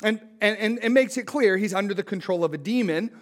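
A pastor with a high voice works through a scripture passage in a relaxed teaching sermon. He reads the verses, then explains them in plain, conversational talk and puts questions to his listeners. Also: a little fast. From United States.

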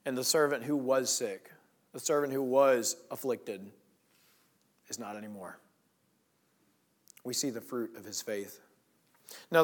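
A man preaching a sermon in a conversational, storytelling way, dropping to hushed lines and rising to emphatic ones. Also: medium pitch.

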